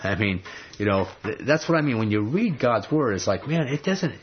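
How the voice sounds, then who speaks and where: A man's voice: mid-range voice, big pitch swings, normal speed, muffled recording, a little hiss or hum. A man teaching from the Bible in a conversational sermon, emphatic and full of rhetorical questions. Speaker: preacher.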